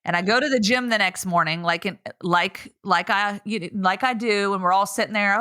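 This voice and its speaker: Chatty woman podcast co-host, bright tone. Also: medium pitch, moderate pace, hardly any pauses, clean tone. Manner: chatty, animated storyteller. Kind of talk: casual sports podcast chat.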